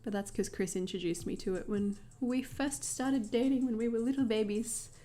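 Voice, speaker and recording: A woman's voice: on the high side, moderate pace, mellow. A young Australian woman hosting a journaling livestream, chatting casually with viewers while she paints, laughing often.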